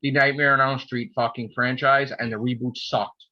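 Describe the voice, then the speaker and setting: A man's voice: mid-range voice, flat delivery, moderate pace, dull audio. A man in casual chat, ranting with heavy profanity. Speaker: podcast host.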